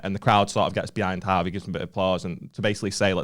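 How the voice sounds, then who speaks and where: A man's voice: low voice, racing, hardly any pauses. A young northern English man, a comedian co-hosting a podcast, tells a story in casual chat, laughing often and acting out what people said. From northern England. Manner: animated, laughs often, acts out quotes.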